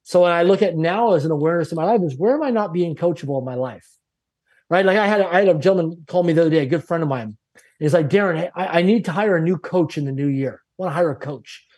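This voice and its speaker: Interview guest: middle-aged man with a husky, fairly high voice, emphatic motivational storyteller. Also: quick pace, darkish tone. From Canada. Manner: emphatic, repetitive, self-assured.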